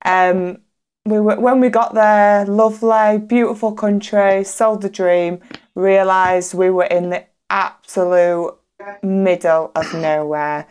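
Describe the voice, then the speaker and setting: A woman tells a story on a chatty podcast, candid and unbothered by swearing. Her voice sits at an ordinary middle pitch. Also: fairly even intonation, takes it slowly, darkish tone, smooth. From England. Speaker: podcast co-host. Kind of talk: casual chat.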